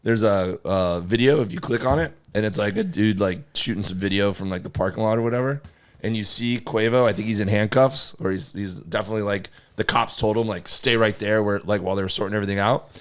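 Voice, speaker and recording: A man's voice: lowish voice, quick pace. A man co-hosting a comedy podcast, chiming in with wry, jokey side comments in casual chat. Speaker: podcast co-host.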